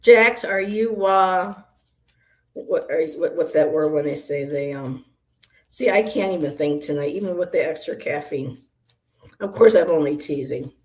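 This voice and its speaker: Animated and deep-voiced, the woman talks at a moderate pace while hosting her livestream from an apartment room. She does tarot readings, chats with viewers by name, rambles, and laughs a lot.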